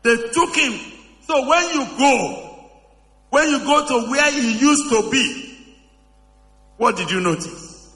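Dramatic pastor in an echoey hall. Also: male voice, lively intonation, slow, pauses often. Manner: dramatic, swings from soaring high shouts to low murmurs; asks the congregation questions over and over. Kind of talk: sermon.

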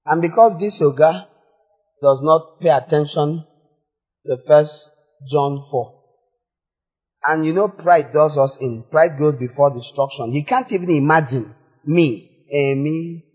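A man preaching a sermon in a church, animated, moving from quiet asides to loud exclamations. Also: on the high side, breathy edge. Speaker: pastor. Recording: echoey hall, slightly dull sound.

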